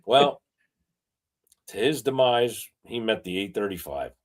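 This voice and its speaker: A man co-hosting a casual chat show who rambles through animated stories full of fillers. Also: lowish voice, a little slow. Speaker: co-host.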